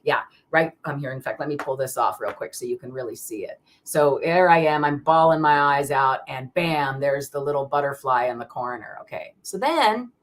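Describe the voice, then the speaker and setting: A woman's voice: extremely low pitch, normal speed, few pauses. A woman hosting a live card-reading stream, talking in a rambling, chatty way with many fillers and restarts, greeting viewers by name. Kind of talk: casual live-stream chat.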